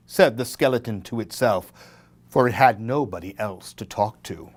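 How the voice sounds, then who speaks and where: A man reading a spooky children's story aloud as a children's librarian, in an animated, dramatic storytelling manner. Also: on the low side, moderate pace, slightly rough.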